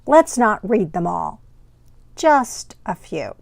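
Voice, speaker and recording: A woman reading a picture book aloud for a children's sermon, in a slow, deliberate and expressive way. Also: mid-range voice, vocal fry, no echo.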